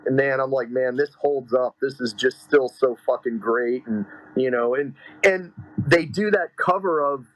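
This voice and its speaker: A man's voice: medium pitch, unhurried, no echo, poor audio. A man in casual podcast chat, telling stories with lots of fillers and swearing. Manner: excitable storyteller, heavy swearing and fillers.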